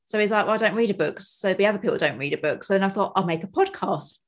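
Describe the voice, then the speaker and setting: A podcast guest who is an author, a woman in her forties, talks quickly and casually in conversation. She acts out quotes in a higher voice and laughs often.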